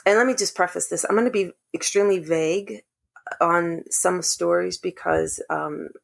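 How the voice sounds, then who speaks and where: A woman's voice: lowish voice, moderate pace, creaky. A woman guest earnestly telling a personal family story in casual conversation. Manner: earnest, animated when quoting others. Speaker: podcast guest.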